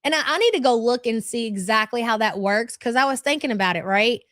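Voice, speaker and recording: A middle-aged woman talks casually to her live-stream viewers, gossiping and reading their comments aloud. Her voice sits slightly high. The sound is dry and close, recorded on a mic at a home setup. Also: expressive, brisk, fairly bright tone, no room sound.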